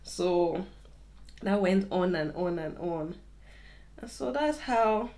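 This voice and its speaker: A woman's voice: lowish voice, lively intonation, slow pace, a little mellow. Young woman, chatty storyteller, repeats words for emphasis, laughs easily. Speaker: vlogger telling a story. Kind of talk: casual storytime while styling hair.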